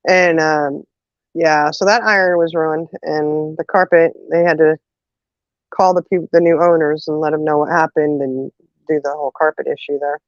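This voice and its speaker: Sitting low in pitch and speaking at a moderate pace, this host is a woman swapping family stories in a relaxed conversation. She laughs often, leans on "you know," and voices the people she quotes. There's no echo, though the sound comes through dull and muffled.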